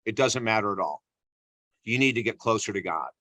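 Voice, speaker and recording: A man's voice: on the low side, expressive, a little fast, sharp tone, no echo. A man voicing a stern older male priest who speaks in curt commands.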